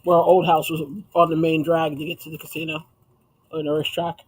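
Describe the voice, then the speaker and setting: A man's voice: fairly high pitch, monotone, brisk, slightly rough, poor audio. A man hosting a casual livestream chat, talking easily with viewers, reading their comments aloud and laughing often. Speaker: livestream host.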